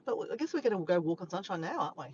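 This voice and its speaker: A woman from Australia with an Australian accent, chatting casually and warmly with live viewers, sometimes breaking into bits of song. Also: fairly low pitch, very animated, racing. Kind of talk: casual live-stream chat. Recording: dull lo-fi sound with faint background noise.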